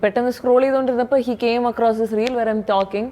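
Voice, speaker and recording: Rapid-fire young woman. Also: a little high, a little hiss or hum. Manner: animated storytelling, switching between English and Malayalam. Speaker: actress interviewed as guest. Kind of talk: casual chat.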